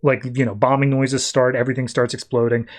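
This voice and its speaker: A man's voice: medium pitch, flat delivery, a little fast. A man hosting a podcast, casually recapping a comic book issue in a loose, conversational way. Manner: loose conversational retelling, acting out quotes in a raised voice. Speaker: podcast host.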